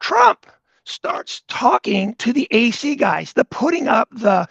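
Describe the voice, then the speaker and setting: A man's voice: very high voice, big pitch swings, slow, creaky, a bit bright, breathy edge, no room sound, highs cut off. A man hosting a podcast, telling a story in a rambling, casual way with many restarts. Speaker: podcast host.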